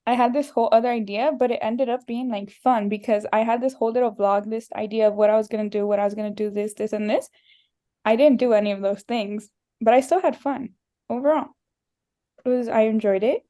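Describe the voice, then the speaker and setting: A woman's voice: fairly high pitch, steady tone, fairly quick, mellow. A young woman hosting a podcast, telling stories in casual chat and laughing often. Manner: chatty storytelling, laughing often. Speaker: podcast host.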